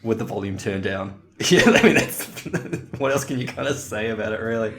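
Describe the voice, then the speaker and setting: A man's voice: on the low side, moderate pace, fairly bright tone. A man co-hosting a podcast in casual chat, rambling and laughing often. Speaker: podcast co-host.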